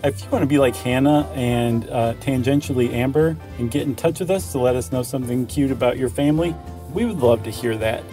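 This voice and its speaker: Brisk and warm, this man's medium-pitched voice comes from a casual podcast where he co-hosts, chatting with enthusiasm and rambling through restarts. It's a dry, close studio recording with faint music in the background.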